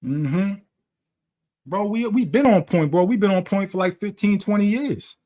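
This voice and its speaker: A man's voice: high voice, moderate pace, warm tone. A man talking in a blunt, profane, lecturing way during a casual conversation. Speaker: channel host.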